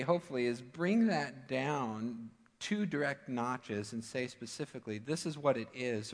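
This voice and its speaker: A man preaches in a conversational yet emphatic way, mixing plain asides with pointed stress. His voice sits at an ordinary middle pitch. It rings out in a church sanctuary with a long, trailing reverb. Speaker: pastor. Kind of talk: sermon.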